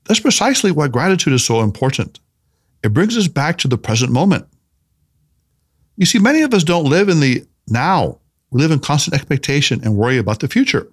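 A playful, gently insistent male mentor voiced by a man reading an audiobook speaks in a fairly high, lively voice that rises and falls freely. He coaxes and teases with emphatic warmth in his lessons. It is storybook narration with the figure's lines read aloud. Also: a little fast, breathy edge.

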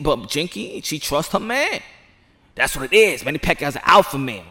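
A man giving casual, excited commentary outdoors, rambling and repeating himself with sudden loud outbursts. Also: fairly high pitch, moderate pace. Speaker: sports commentary vlogger.

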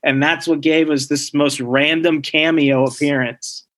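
A man co-hosting a relaxed podcast, walking through a comic plot with animated energy. His voice sits a touch higher than most men's, and he slips into the characters' lines as he goes. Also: measured pace. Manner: animated storyteller, acts out character quotes. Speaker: podcast co-host recapping comics. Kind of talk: casual chat.

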